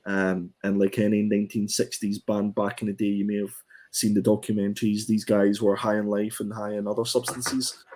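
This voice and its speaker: Guy, lowish voice, chatty comic review, lots of ums and restarts. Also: level tone, normal speed, a little mellow. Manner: hesitant, many ums and restarts. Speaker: comic book podcast co-host. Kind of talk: casual review chat.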